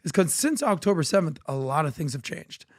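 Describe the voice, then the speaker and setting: A man's voice: on the high side, brisk, no room sound, clean studio sound. A man co-hosting a political podcast, telling anecdotes and acting out the dialogue in them. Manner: animated anecdotal storyteller, acts out dialogue. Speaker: podcast co-host.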